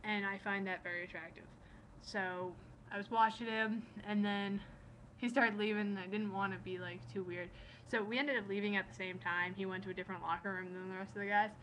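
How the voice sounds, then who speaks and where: A young woman rambles through a casual vlog in an excited, gushing way. Her voice sits at an ordinary middle pitch and now and then sinks into hushed, breathy asides. A faint hiss runs underneath. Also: a little fast, poor audio. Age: young adult. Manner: excitable, rambling, gushing storyteller who acts out quotes. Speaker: vlogger. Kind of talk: casual chat.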